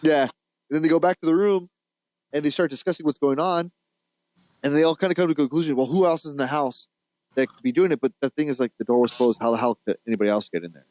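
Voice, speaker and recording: A man's voice: a little high, quick pace, a little mellow, no echo, rough recording. A man co-hosting a podcast, casually retelling a movie plot in a rambling, laughing way, with restarts and the odd swear. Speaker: podcast co-host.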